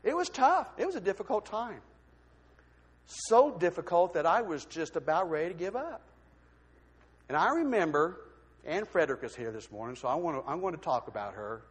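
Animated man preaching in a reverberant church. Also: sits high, normal speed, husky. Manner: animated storytelling, acts out quoted voices. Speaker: lay speaker giving a testimony in church. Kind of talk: sermon testimony. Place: church sanctuary. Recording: long hall reverb.

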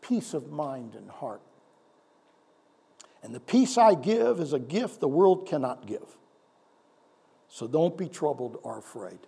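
A man pastor preaching a sermon, animated, asking the congregation rhetorical questions and swinging between loud and hushed delivery. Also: on the high side, slow pace, creaky, long pauses, husky.

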